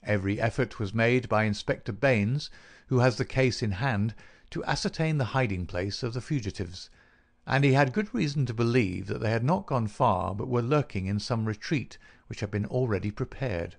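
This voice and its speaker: A man narrating a classic detective story in a measured, even way. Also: medium pitch, vocal fry. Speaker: audiobook narrator. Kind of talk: scripted narration.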